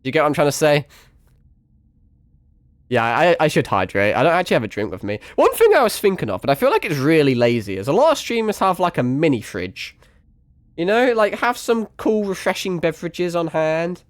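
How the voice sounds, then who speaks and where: A man's voice: on the high side, sing-song, brisk, no room sound. A young man streaming a game, chatting casually, swearing freely and mocking himself, his voice a bit strained from hours of talking. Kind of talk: casual live-stream gaming chat.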